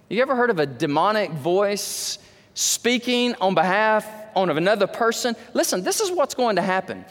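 A man preaching a sermon as pastor, animated, with wide swings in pitch and loudness. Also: big-room sound.

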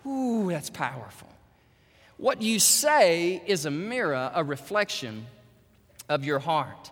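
A pastor preaching a sermon in a church, swinging dramatically between loud high bursts and low hushed passages. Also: male voice, sing-song, slow pace, long reverb tail.

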